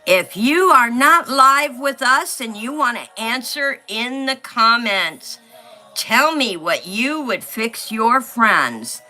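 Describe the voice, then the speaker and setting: Slow-talking bright-voiced woman. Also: fairly high pitch. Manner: chatty, reads viewer comments aloud. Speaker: livestream host. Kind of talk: casual livestream chat while coloring.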